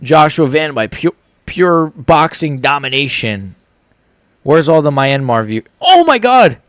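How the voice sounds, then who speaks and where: A young man with hiccups chatting casually on a live stream, reading viewers' messages aloud in relaxed slangy banter. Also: medium pitch, a little slow, no room sound, clean studio sound. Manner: reads chat aloud, laid-back slangy banter. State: has the hiccups. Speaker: streamer reacting live to fights.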